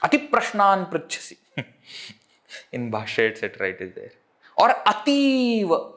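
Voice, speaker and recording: A man's voice: fairly high pitch, wildly swooping pitch, normal speed, a bit bright. A man with an Indian English accent teaching a Sanskrit lesson, saying each word, repeating it, then glossing it in English, with frequent chuckles. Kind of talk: live online language lesson.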